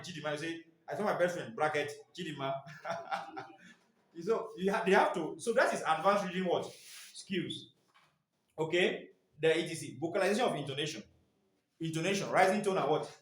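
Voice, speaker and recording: Quizzing male trainer, echoey room. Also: on the high side. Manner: quizzing listeners with fill-in questions. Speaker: staff trainer. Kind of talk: classroom teaching.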